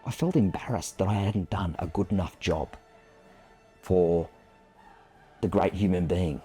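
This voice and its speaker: A man's voice: low voice, a little slow, mellow, faint music behind. A man in his fifties, a photographer, telling a personal story to camera in a reflective, self-deprecating way.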